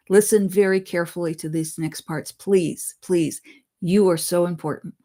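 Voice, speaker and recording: A woman's voice: lowish voice, steady tone, moderate pace, warm tone. A woman psychic medium who reads channeled messages aloud, then stops to explain them in plain words, talking earnestly to her listeners as friends. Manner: stops to comment and rephrase, laughs at her own slips.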